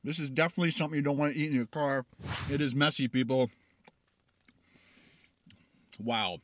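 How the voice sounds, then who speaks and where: A man's voice: medium pitch, fairly even intonation, brisk, fairly bright tone, no room sound. A middle-aged man reviewing sandwiches in his car, chatting casually while chewing and talking with his mouth full. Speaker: food reviewer. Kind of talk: casual food review vlog.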